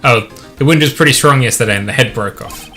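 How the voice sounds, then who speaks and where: A man's voice: medium pitch, quick pace, bright, forceful tone, faint music behind, lightly acted. A man voicing a scruffy, good-natured police detective in a video game, folksy and calling everyone pal. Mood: gruff friendly. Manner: folksy, says pal and buddy.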